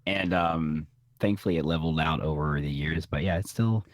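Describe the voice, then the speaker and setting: A young adult man co-hosting a podcast in casual chat, relaxed, laughing easily and trailing off. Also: rumbling low, moderate pace, no room sound, studio quality. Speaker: podcast co-host.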